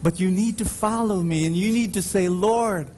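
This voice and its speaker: In a large church, a preacher at Mass speaks in a high, slightly mellow voice that has a breathy edge. His delivery is emphatic, with call-and-response exchanges with the congregation and slow storytelling that swells in dramatic rises.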